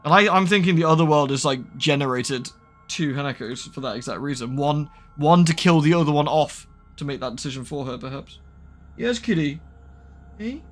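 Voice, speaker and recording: Chatty man, slightly high voice. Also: brisk, a bit bright, soft background music. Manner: rambling, chatty, cooing baby-talk to his cat. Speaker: gaming streamer. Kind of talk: casual let's-play commentary.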